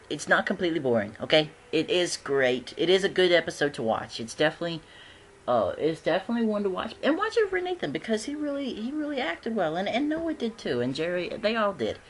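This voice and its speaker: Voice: medium pitch, slight background noise. A fan casually reviewing TV episodes, rambling with frequent restarts and giggles.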